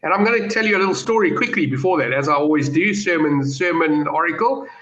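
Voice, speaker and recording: A man's voice: fairly high pitch, quick pace. A man giving confident betting views and telling stories in a casual panel chat over a video call. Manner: animated, storytelling, confident. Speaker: betting pundit. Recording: roomy, dull lo-fi call audio.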